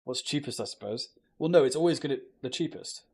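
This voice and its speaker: A man's voice: mid-range voice, quick pace, darkish tone. A young British man chatting casually on a live stream, joking with viewers and swearing freely. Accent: British English. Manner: swears a lot, loose and joking, talks to chat.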